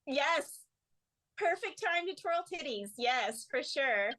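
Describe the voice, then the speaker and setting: A woman guest on an interview podcast who tells stories with gusto, laughing often and slipping into the voices of the people she quotes. Her voice sits a little high for a woman. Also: takes it slowly, rough recording. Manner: animated storyteller, laughs often. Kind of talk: casual storytelling interview.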